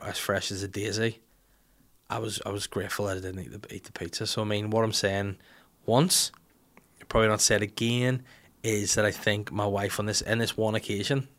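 A man's voice: lowish voice, fairly bright tone. A man, telling a rambling, jokey, self-mocking story in casual chat. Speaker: podcast host telling an anecdote.

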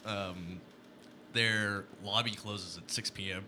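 A man's voice: lowish voice, fairly even intonation, slow, bright, forceful tone, slight background noise. A man from Southern California chatting on a podcast, laid-back and given to short, profane reactions. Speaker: podcast co-host. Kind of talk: casual chat.

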